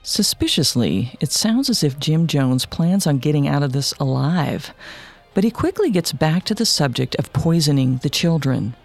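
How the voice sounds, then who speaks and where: Gravelly male true-crime narrator. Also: a little high, sing-song, soft background music. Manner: measured, matter-of-fact storytelling. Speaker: podcast narrator.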